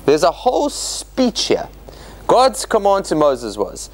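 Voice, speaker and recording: Male rabbi lecturer, slightly high voice, very animated pitch, quizzes the class. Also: unhurried. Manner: animated, questioning the class and acting out quotes. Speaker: rabbi teaching a Bible study class.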